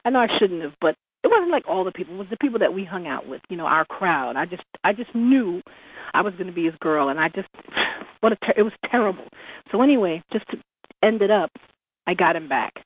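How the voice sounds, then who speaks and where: A woman's voice: on the low side, fast talker, slightly rough. Give me a woman telling a story over a phone line. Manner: animated, laughs often while telling. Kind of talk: personal storytelling on a radio show.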